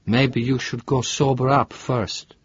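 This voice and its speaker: Male narrator playing a wary young Italian woman, soft accent, pitched well up, husky, lo-fi dry audiobook sound. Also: little pitch movement, takes it slowly, no echo. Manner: soft, cautious. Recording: dull lo-fi dry recording.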